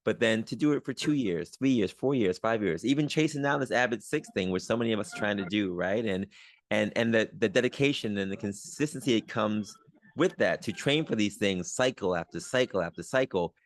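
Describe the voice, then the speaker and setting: A man who is both a doctor and a podcast host speaks in a lowish voice, a little fast, over slight background noise. In this casual interview he affirms his guest and asks long, rambling questions.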